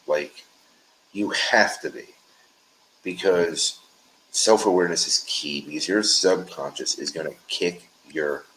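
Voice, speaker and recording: A man speaking as a guest in a casual conversation, emphatic and talking in quick bursts. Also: low voice, fairly bright tone, a little hiss or hum, poor audio.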